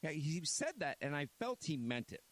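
A man's voice: a little high, very animated, normal speed, a bit bright. A man hosting a talk radio show, rambling and blunt, reading an ad and chatting casually. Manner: rambling, blunt, repeats himself.

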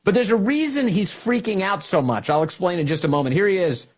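A man's voice: high-pitched, a little fast, breathy edge. A man hosting political talk radio, mocking and combative in his commentary. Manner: mocking, combative, animated delivery. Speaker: radio host.

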